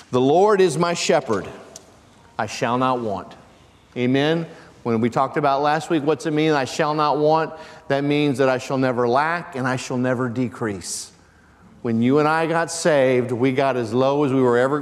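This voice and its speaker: A man preaching a sermon as pastor, calling out questions to his congregation. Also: mid-range voice. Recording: long church reverb.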